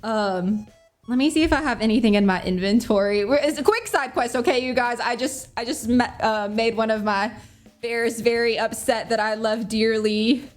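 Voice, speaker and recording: A woman's voice: a little high, moderate pace, faint music behind. A young woman streaming a cozy game, chatting casually, bubbly and giggly, often apologizing to her characters. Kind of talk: casual gameplay chat.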